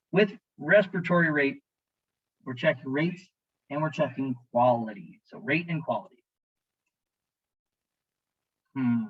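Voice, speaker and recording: A man's voice: mid-range voice, muffled recording. A man teaching as an EMT instructor, narrating a slideshow lecture in a jokey, conversational way and talking to students directly.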